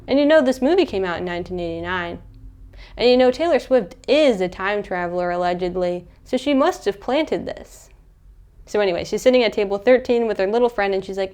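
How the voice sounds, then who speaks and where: A young woman casually recapping a movie in a chatty, animated way, acting out the characters' lines. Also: medium pitch, fairly quick, clear, resonant tone. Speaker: movie reviewer.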